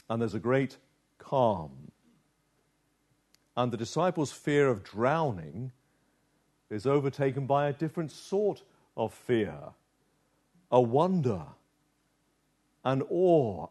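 Very animated, this preacher delivers his sermon slowly and dramatically, with frequent pauses and moments where he sinks to a low, soft tone to drive points home.

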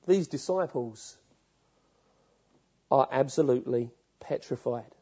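A man's voice: medium pitch, slow pace, dark tone, breathy edge, highs cut off. A man preaching a sermon, telling stories vividly and putting questions straight to his listeners.

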